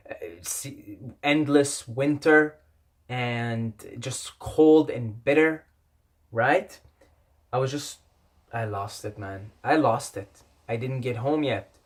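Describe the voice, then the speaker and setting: A young man whose first language is not English, telling a personal story in a rambling, repetitive way and swearing often. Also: medium pitch. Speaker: vlogger. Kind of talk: casual storytelling.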